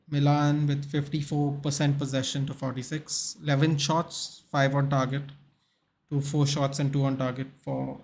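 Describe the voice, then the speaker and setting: A man's voice: medium pitch, a little mellow, a little hiss or hum. A young man hosting a live football watchalong stream, chatting casually, answering viewers in the chat and reading out names and match stats.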